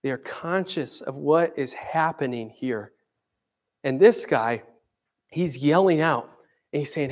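A man's voice: fairly high pitch, slow pace, long pauses. Conversational male pastor preaching. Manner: conversational, dramatic, acts out quoted voices. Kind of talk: sermon.

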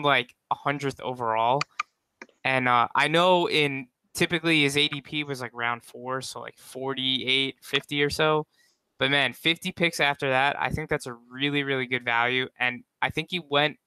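Male podcast co-host, hesitant delivery, smooth sharp voice. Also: mid-range voice, no room sound. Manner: hesitant, full of ums and restarts. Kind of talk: casual podcast chat.

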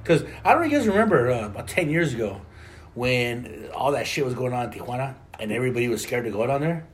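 A man's voice: mid-range voice, quick pace. A man in casual chat, joking and mixing Spanish into his English. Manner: animated, joking, mixes in Spanish. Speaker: friend in group chat.

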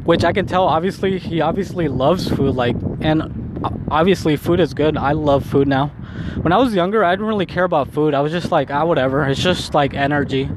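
A man's voice: a little high, fairly quick. Rambling young man on a noisy street. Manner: rambling, heavy use of "like". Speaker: vlogger. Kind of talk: casual walking vlog monologue. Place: outdoors on city streets. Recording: phone recording with clear street noise. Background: street traffic and city noise.

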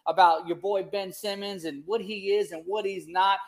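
A man's voice: high-pitched, fairly even intonation, moderate pace, creaky, crowd noise. A man hosting a sports radio show in casual chat, upbeat and playful, with a sing-song delivery.

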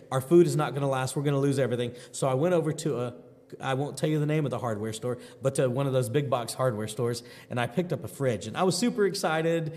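Man preaching with long reverb. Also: on the high side. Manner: animated storyteller, folksy and earnest. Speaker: pastor. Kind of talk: devotional sermon with personal story.

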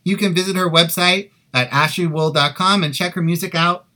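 Bright-voiced man hosting a podcast. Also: high voice, fairly quick. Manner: wry, joking asides. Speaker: podcast host. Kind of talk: casual chat. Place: in-person studio room. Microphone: budget desktop USB microphone.

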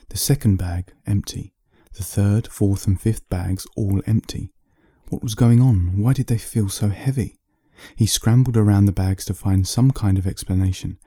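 A man from the UK, an author reading his own bedtime story in a slow, steady way. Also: on the low side, slightly rough, no echo, studio quality.

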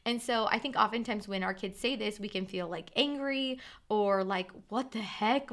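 A woman's voice: mid-range voice, fairly bright tone. A woman in her thirties hosting a solo podcast, talking in a casual, conversational way with many filler words. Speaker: podcast host.

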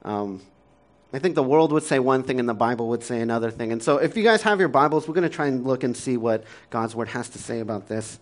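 A man's voice: medium pitch, lively intonation, quick pace. A man in his thirties, a pastor preaching a sermon in a conversational, self-deprecating way, often laughing and using fillers.

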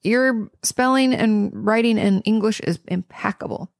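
A woman's voice: medium pitch, a little slow, no room sound, clean studio sound. A woman therapist answering listener questions in a casual, earnest, encouraging way, with frequent ums and restarts. She sounds tired. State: tired and yawning. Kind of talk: casual advice monologue.

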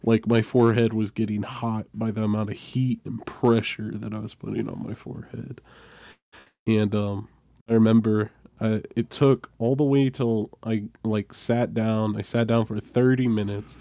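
A man hosting a podcast, telling a funny story from his childhood in a casual, animated, self-deprecating way. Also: fairly low pitch, normal speed, creaky, no echo. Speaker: podcast host.

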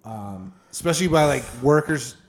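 A man's voice: on the high side, lively intonation, moderate pace. A young man co-hosting a casual podcast chat, loose and profane, full of fillers. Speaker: podcast co-host.

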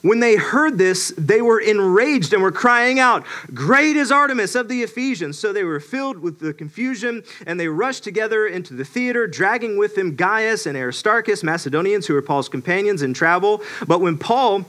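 A man's voice: sits high, animated, moderate pace, hardly any pauses, fairly bright tone. A man giving a casual Bible teaching, conversational with many restarts, who acts out characters in playful voices.

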